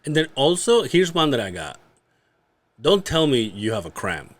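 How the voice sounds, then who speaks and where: A man's voice: mid-range voice, sing-song, normal speed. A man guest on a comedy podcast, chatting casually and telling raunchy jokes with frequent laughter.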